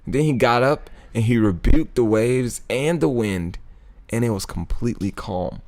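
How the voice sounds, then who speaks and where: A man's voice: mid-range voice, animated, unhurried, darkish tone. A man hosting a casual Bible study video, retelling the story in a laid-back, slangy way with frequent chuckles. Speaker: YouTube Bible study host.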